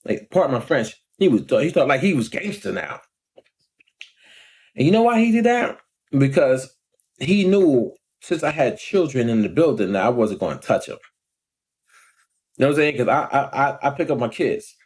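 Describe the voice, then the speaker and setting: Animated New man telling a story. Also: mid-range voice, moderate pace, pauses often. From Long Island, New York. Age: 40s. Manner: animated, acts out quoted voices, frequent "you know what I'm saying". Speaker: vlogger. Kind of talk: casual storytelling rant.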